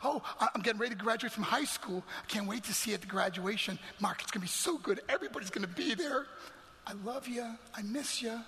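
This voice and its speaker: Sweet pleading teen sister voice, a bit higher, soft, man putting her on. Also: fast, long reverb tail. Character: loving teenage sister, pleading and affectionate.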